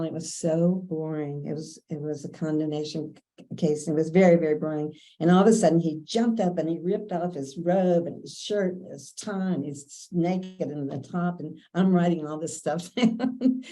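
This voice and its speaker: Older Kentucky woman, low and very mellow voice, chatty anecdotal storyteller. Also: poor audio. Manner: chatty, anecdotal, quotes others in dialogue. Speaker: interviewee. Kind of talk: casual storytelling.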